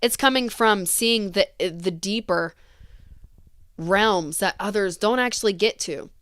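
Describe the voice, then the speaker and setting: A woman gives a tarot reading in an earnest, gentle voice, wandering through her thoughts with small laughs. Her tone is smooth and clear. She sits close to a dry microphone. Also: medium pitch, no room sound. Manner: earnest, gentle, rambling with fillers and little laughs. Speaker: tarot reader. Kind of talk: intuitive tarot reading for viewers.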